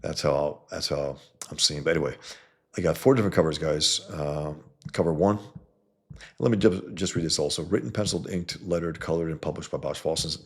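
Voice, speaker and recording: Gravelly deep-voiced man, blunt and rambling. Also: brisk. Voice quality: gravelly, husky low voice. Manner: blunt, scornful, lots of filler and restarts. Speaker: comic book creator and video host. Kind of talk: casual rambling talk to viewers.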